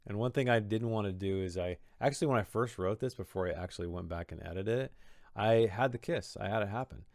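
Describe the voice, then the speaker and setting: Deep-voiced man reflecting on his story. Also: quick pace, darkish tone, no echo, studio quality. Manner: thoughtful, rambling, many restarts and fillers. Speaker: author discussing his own story. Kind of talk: reflective commentary on his own writing.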